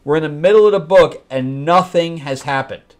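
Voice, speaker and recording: Brief: male host critiquing a comic, blunt and exasperated, mocking the story in quick asides. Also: a little high. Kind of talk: comic book review.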